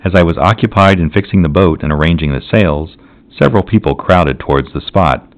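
A man narrating a classic novel as an audiobook, in a measured, solemn reading. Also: low voice. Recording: dull lo-fi recording.

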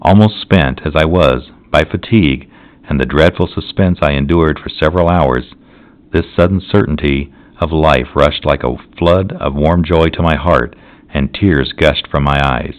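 A man narrating a classic novel as an audiobook, in a measured, solemn reading. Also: rumbling low. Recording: dull lo-fi recording.

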